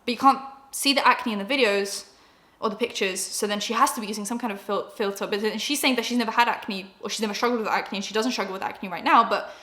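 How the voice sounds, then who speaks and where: A woman's voice: mid-range voice, fast, bright, forceful tone, roomy sound. A young British woman giving rambling, casual commentary with lots of filler words. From Britain. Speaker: beauty YouTuber.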